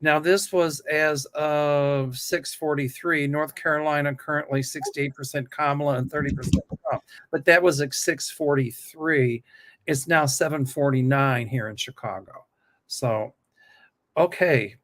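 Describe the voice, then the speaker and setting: A man's voice: fairly high pitch, steady tone, a little slow, a bit bright. A man with a Southern US accent co-hosting a live stream and reading out viewer comments in a chatty way. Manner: chatty, reads comments aloud. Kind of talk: casual live-stream chat.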